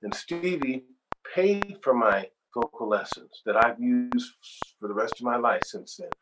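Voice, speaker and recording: Older man telling lively stories, noisy recording. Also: mid-range voice, a little slow. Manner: animated storyteller, acts out quoted voices. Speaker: guest singer. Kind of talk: casual interview storytelling. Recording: noisy background hiss.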